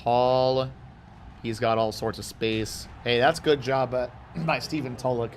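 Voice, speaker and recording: A man from Houston giving casual, rambling commentary as he plays a football video game, with excited outbursts and side chatter. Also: medium pitch, a little slow, slight background noise. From Houston, Texas. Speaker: gaming YouTuber.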